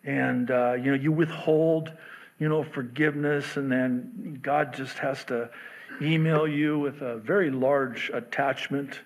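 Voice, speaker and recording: A middle-aged pastor preaches a sermon in a conversational, joking style, acting out the voices and quotes in his stories. He speaks unhurriedly at a medium pitch with fairly even intonation.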